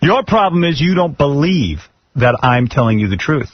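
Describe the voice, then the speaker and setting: A man's voice: on the high side, big pitch swings, moderate pace, a little hiss or hum. A male radio host who talks bluntly and teases the people around him. His delivery rises and falls a lot. The sound is dull and lo-fi, like an old radio broadcast. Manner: blunt, teasing, takes charge. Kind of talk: radio talk show banter.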